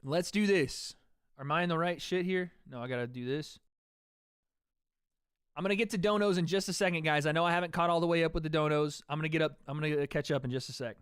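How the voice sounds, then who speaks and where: A man calling fights on a livestream for his chat, casual and profane, jumping between play-by-play and chatter. His voice sits a bit high for a man. The sound is dry and close. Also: fast, fairly bright tone, clear, resonant tone, dry recording. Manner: chatty, swears freely, talks to chat between calls. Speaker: livestream host. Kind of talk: fight watch-party commentary.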